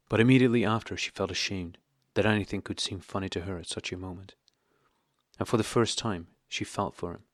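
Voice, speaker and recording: A man narrating an audiobook of a classic novel in a measured, steady reading. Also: fairly low pitch, no room sound, studio quality.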